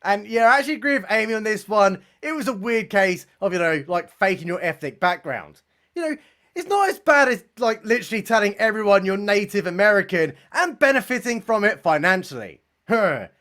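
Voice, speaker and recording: Young guy roasting a comedy special, high voice, bouncy sarcastic delivery, swears a lot. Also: fairly quick. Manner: mocking, deadpan asides, swears casually. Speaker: comedy reviewer. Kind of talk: sarcastic review commentary.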